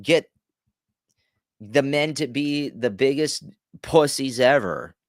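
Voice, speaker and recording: A man's voice: medium pitch, takes it slowly, no echo, studio quality. A man streaming a reaction, ranting casually, stumbling over restarts and swearing freely.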